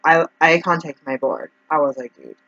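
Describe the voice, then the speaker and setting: A man's voice: on the high side, normal speed, pushed and bright, no echo. A man who works as a naturopath talks through his troubles in a rambling, emotional vlog monologue. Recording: dull, dry lo-fi recording.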